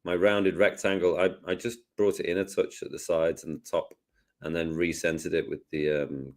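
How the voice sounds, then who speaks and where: A man hosting a casual live software lesson, jokey and self-deprecating as he talks through each step. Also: low-pitched, level tone, moderate pace. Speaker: host, design tutor.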